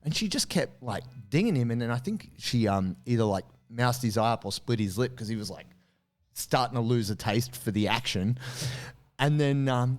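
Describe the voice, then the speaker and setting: A man's voice: mid-range voice, moderate pace. A man co-hosting a podcast, telling a story in casual chat with lots of acted-out voices. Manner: animated, acts out voices in quotes. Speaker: podcast co-host.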